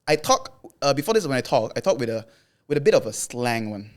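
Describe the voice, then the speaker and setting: A man's voice: medium pitch, big pitch swings. A young man with a Malaysian English accent, a podcast guest chatting casually with slangy, stop-start phrasing and easy laughs. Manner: laughing, quick restarts, slangy. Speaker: podcast guest, content creator. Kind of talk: casual chat.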